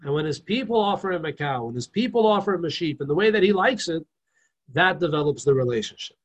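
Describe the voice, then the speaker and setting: A man teaching a religious class in a casual, animated way, full of rhetorical questions and stories. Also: on the high side, fast talker, muffled recording. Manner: animated storyteller, rhetorical questions, frequent restarts.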